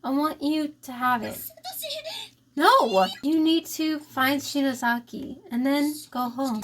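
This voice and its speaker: A woman's voice: high voice, slow pace, fairly bright tone, a little hiss or hum. A woman performing an emotional fan dub of a horror game, with pleading delivery. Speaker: voice-over performer.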